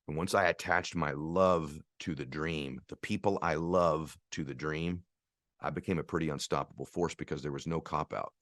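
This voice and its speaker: A man giving a motivational speech, earnest and repetitive, asking rhetorical questions and leaning slowly on key phrases. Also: a bass voice, dry recording, studio quality. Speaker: motivational speaker.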